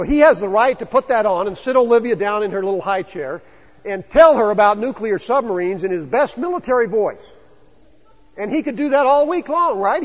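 Husky-voiced pastor preaching in a reverberant hall. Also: male voice, extremely high pitch. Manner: conversational, asks the congregation questions. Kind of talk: sermon. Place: church sanctuary. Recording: dull lo-fi sound with long church reverb.

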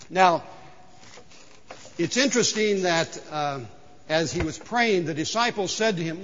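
A man preaching a sermon as pastor in a church, telling a folksy story with lively exclaimed punchlines. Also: sits high, moderate pace, long reverb tail, highs cut off. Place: church sanctuary.

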